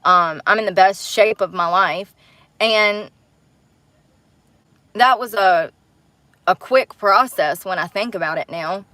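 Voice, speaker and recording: A woman rants to her livestream viewers in a blunt, heated, profane way. Her voice sits at a middle pitch, and the sound is dry and close, with no room echo. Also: takes it slowly, long pauses, pushed and bright. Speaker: livestream host. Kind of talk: angry livestream rant.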